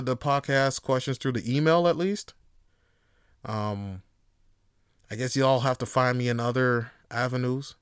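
A man hosting a casual solo podcast, rambling loosely with plenty of swearing and filler words, and getting loud and animated when he gets worked up. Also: medium pitch, clean tone, no room sound, clean studio sound. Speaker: podcast host.

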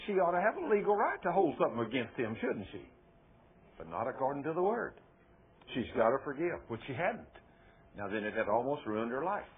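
A man preaching a sermon as a story, folksy and emphatic with sudden loud bursts. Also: a little high, slightly rough. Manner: folksy and emphatic, often rising to loud exclamations. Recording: tinny phone-like sound.

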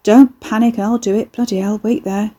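Woman narrator doing a crude, sardonic young man who works curses, husky and mellow. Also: medium pitch, fairly even intonation, moderate pace, close to an everyday voice. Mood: mocking. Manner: mocking, offhand and crude.

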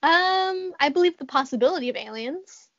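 Young woman guest, giggles a lot, kinda high voice, fumbles for words sometimes. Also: animated, moderate pace, a bit bright, highs cut off. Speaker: podcast guest. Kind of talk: casual chat.

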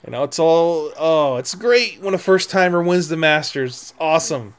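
A man hosting a podcast, commentating casually over a golf broadcast, excitable and repeating his exclamations. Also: on the high side, moderate pace, clean tone. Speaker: podcast host.

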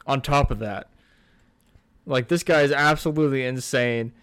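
A young man chatting on a casual podcast, relaxed and rambling as he tells stories. His voice sits at an ordinary pitch. It is recorded dry, with no echo. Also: normal speed, smooth. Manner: laid-back, rambling storyteller. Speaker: podcast co-host. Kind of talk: casual chat.

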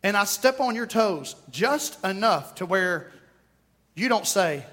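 East Texan pastor, folksy joking sermon, high-pitched male voice. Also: animated, slow, pushed and bright. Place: church sanctuary.

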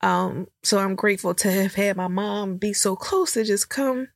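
A woman's voice: mid-range voice, moderate pace, vocal fry, dry recording. Tearful young woman on a dry podcast mic. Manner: emotional, rambling, filler-heavy storytelling. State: tearful, choked up. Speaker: podcast host. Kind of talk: candid personal podcast talk.

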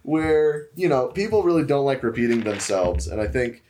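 A man on a podcast with a lively voice that swings up and down as he talks. His chat is casual and jokey, mid-pitched for a man. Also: moderate pace, slight background noise. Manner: lively, jokey, laughs often. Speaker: podcast co-host.

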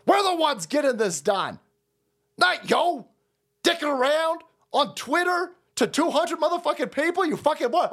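High-pitched man in a profane political rant. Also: very animated, moderate pace, fairly bright tone. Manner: heated, profane, repetitive ranting with sarcastic mock quotes. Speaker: political stream host.

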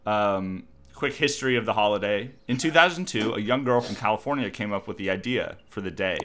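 A man's voice: lowish voice, animated, a little fast, a bit bright, slight background noise. A man co-hosting a casual group chat, reading out trivia notes in a dry, wry tone. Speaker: podcast co-host.

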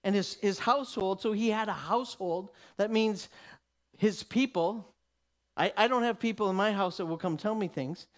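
High-voiced man preaching with dramatic swings. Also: normal speed. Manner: dramatic, swings from loud declaration to hushed whisper; acts out the people in the story. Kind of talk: sermon.

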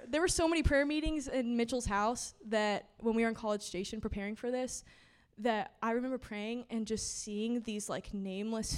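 A woman's voice: a little high, smooth. A young woman, giving a chatty, heartfelt sermon full of fillers and laughter. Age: 20s. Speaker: preacher giving a testimony and teaching. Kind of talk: casual conversational sermon. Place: church service.

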